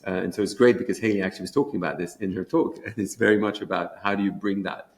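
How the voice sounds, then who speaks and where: Man, rapid eager talk, gravelly edge, fairly low voice, interview chat. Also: fairly even intonation. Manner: eager, fast, restarts mid-sentence. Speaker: education program creator.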